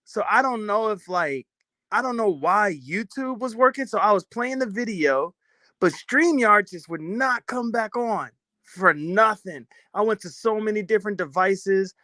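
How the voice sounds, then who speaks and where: A man's voice: high-pitched, lively intonation, a little slow, bright, forceful tone, no echo, studio quality. Rambling, profane man streaming from his phone. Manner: loose, profane, laughing and rambling. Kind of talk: casual live stream chat. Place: walking around his house.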